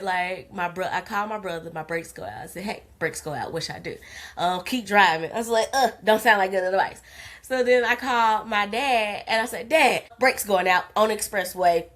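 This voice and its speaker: Candid woman in her forties venting. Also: mid-range voice. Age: 40s. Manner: candid, animated, swears freely, calls listeners honey. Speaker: content creator. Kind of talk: casual storytelling monologue. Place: in her car in a parking lot.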